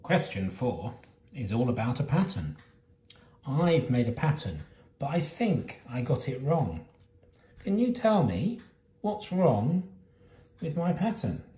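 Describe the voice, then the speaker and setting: A man teacher asking young children maths quiz questions in a slow, sing-song way. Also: medium pitch, dark tone. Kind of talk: early years maths quiz video. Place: home kitchen. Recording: roomy echo.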